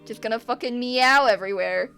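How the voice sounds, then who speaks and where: A teenage girl talks loosely to her stream chat as she draws, breaking into giggles and teasing viewers with sarcasm. Her voice sits a little high, and soft music plays faintly underneath. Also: fairly quick, smooth. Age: teens. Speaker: art streamer. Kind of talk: casual livestream chat while drawing.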